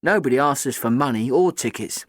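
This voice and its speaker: A man's voice: mid-range voice, lively intonation, brisk, dry recording. Dry, close male audiobook narrator. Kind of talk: scripted first-person narration.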